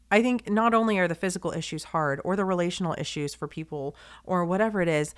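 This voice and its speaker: In a confiding monologue on her podcast, a young woman with a lowish voice opens up sincerely, wandering with fillers and restarts until she becomes emotional.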